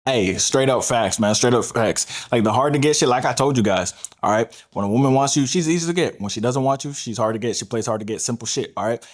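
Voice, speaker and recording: Blunt fast-talking man giving dating advice. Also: mid-range voice. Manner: blunt, profane, repeats "all right?" and "right?". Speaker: dating coach. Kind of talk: direct-to-camera dating advice.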